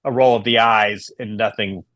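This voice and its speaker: A man co-hosting a podcast in casual chat, measured and analytical, with wry turns of phrase. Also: on the low side, fairly even intonation, a bit bright, no echo. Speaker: podcast co-host.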